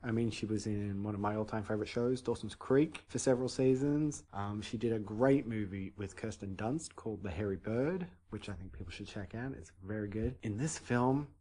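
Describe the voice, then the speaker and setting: A man co-hosts a podcast, voicing strong opinions in an emphatic way. He often breaks off and restarts his sentences. His voice sits somewhat low. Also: normal speed, few pauses, warm tone. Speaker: podcast co-host. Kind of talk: casual chat.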